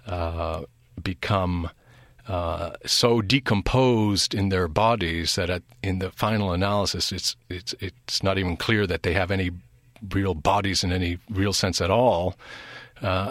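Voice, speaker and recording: A man giving an academic literature lecture in a measured, thoughtful way, pausing between phrases. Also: low voice, a bit bright, no echo, clean studio sound.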